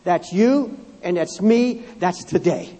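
Male pastor, sermon delivery, husky and urgent, repeats lines for emphasis, church hall echo. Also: high voice, slow, warm tone. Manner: fervent preaching, repeating phrases for emphasis; reads scripture aloud and addresses the congregation directly. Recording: long hall reverb in a church.

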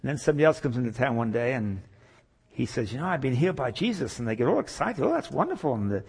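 Gravelly preacher man telling stories. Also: medium pitch, fast. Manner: animated, voices characters in anecdotes. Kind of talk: sermon with acted-out storytelling.

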